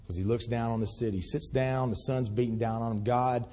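Preacher guy, husky voice, long church echo, goes loud then real quiet. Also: mid-range voice, steady tone, fast talker, hardly any pauses. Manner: folksy storyteller, swings from loud outbursts to hushed pleading. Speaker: pastor. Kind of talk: sermon. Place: church sanctuary. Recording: long hall reverb.

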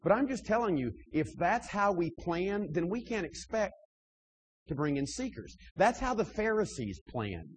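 Emphatic husky-voiced male preacher. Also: sits high, big pitch swings, normal speed, low-quality recording. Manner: emphatic, rising and dropping in volume, frequent restarts. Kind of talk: sermon to church leaders.

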